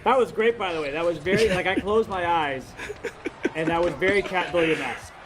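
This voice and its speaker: A man's voice: high voice, brisk, a crowd in the background. A man co-commentating an esports basketball game, trading playful banter between play calls. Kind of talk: joking color commentary.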